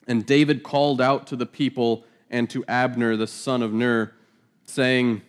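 A man's voice: medium pitch, flat delivery, unhurried. A man reading scripture aloud and teaching it verse by verse, in a casual, joking manner with laughing asides. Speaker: Bible teacher.

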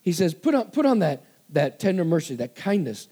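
Animated, high-voiced preacher man. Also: brisk, slightly rough. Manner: emphatic preaching, repeating commands and asking for amens. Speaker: pastor. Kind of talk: sermon.

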